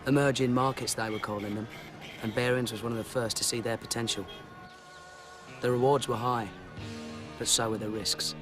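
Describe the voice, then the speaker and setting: A man's voice: medium pitch, fairly even intonation, moderate pace, music in the background, lightly acted. A young English man narrating his own story in a cocky, wry tone. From England. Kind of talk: film narration.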